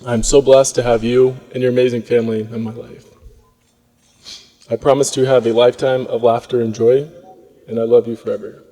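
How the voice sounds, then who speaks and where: A man's voice: mid-range voice, little pitch movement, brisk, dark tone, big-room sound, rough recording. A young man, the groom, reading his wedding vows in a tender, emotional way.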